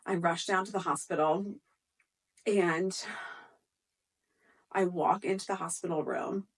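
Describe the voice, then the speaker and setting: Young mom talking through a scary family story, kinda low voice, mic a bit far off, lots of likes. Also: female voice, fairly even intonation, unhurried. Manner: emotional, many "like" fillers and restarts. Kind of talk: personal storytelling vlog.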